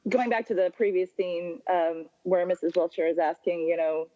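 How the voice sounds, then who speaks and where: Excited woman telling a story, dry lo-fi. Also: lowish voice, moderate pace, dry recording. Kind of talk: casual storytelling chat.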